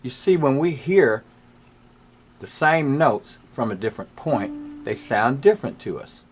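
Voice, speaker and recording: A man's voice: medium pitch, animated, a little slow, breathy edge. A man teaching a music lesson, patiently explaining scales step by step. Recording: faint piano playing behind.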